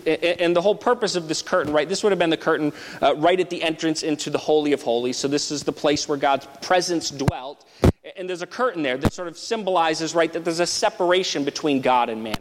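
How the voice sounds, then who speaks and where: A man teaching through a Bible passage in a conversational sermon style, often checking in with "right?". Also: fairly high pitch. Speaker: preacher. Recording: long hall reverb with background noise.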